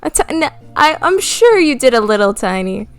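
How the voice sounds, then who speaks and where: A woman's voice: sits high, big pitch swings, moderate pace, smooth. A woman hosting a podcast in casual chat, giggly and hesitant. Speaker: podcast host.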